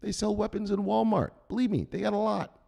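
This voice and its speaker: A man playing an easygoing, ageless stoner dude who never gets rattled. His voice sits higher than normal and drawls out slangy reassurances. Smooth, unhurried, and always telling people to settle down. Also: mellow, full character voice. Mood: laid-back. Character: laid-back eternal stoner dude, unflappable.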